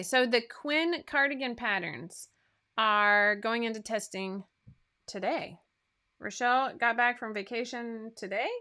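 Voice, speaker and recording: Reading giveaway winners on her sewing pattern livestream, a casual female host keeps things chatty, tossing in asides and fillers between list items. She has a bright voice at a medium pitch.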